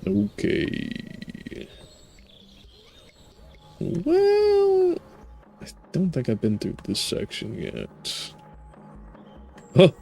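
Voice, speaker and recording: A man's voice: mid-range voice, wildly swooping pitch, takes it slowly, creaky, long pauses, a little mellow, faint music behind. A man giving casual, wry gameplay commentary as host, playfully joking about what he sees. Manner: wry, playful, laughs at the game. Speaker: let's play host.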